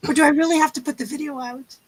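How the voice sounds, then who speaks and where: A woman telling lively stories on a casual livestream chat and acting out the people in them. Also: high-pitched, racing. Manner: animated storyteller, acts out quotes. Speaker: guest storyteller.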